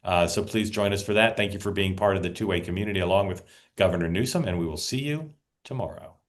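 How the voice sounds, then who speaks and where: A man's voice: sits low, fast. A man hosting a political talk show. He chats casually, plugs the upcoming programs and often restarts his sentences.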